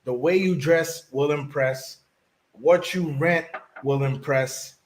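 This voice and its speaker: A man's voice: fairly high pitch, takes it slowly, poor audio. A man hosting a casual interview, prompting his guest to tell more.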